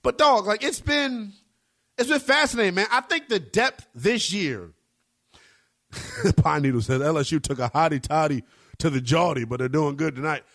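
A man hosting a college sports radio show, talking with big swoops in pitch and slangy emphasis. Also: moderate pace, fairly bright tone, no room sound, clean studio sound. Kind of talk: energetic sports talk radio.

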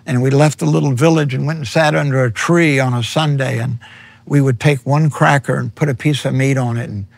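A man's voice: medium pitch, fairly even intonation, a little fast, vocal fry, dry recording. A middle-aged man, a missionary preacher, telling his story earnestly in an interview and acting out his own words. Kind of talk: personal testimony in an interview.

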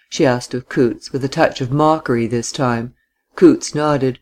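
A narrator reads a classic novel aloud at an even, measured pace. The voice sits at a middle pitch.

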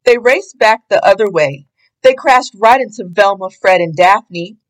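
A woman reading a children's picture book aloud in an expressive, deliberate way. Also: mid-range voice, rough recording. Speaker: storybook reader.

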